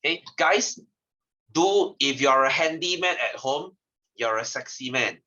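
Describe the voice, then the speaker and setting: A man with a Malaysian English accent teaching a science class, teasing and lively, dropping lah and ah between questions. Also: medium pitch, measured pace, dull audio. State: tired, yawning. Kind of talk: online class lesson.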